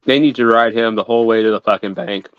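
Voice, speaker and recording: Excitable, profane man with a smooth voice. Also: on the low side, fast, no room sound. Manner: excitable, swears freely. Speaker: podcast co-host. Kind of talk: casual wrestling chat. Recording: dull lo-fi podcast audio.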